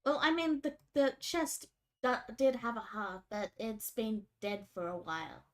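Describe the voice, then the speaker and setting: A woman's voice: fairly high pitch, very animated, unhurried. A woman narrating as game master of a tabletop role-playing game, casual and descriptive.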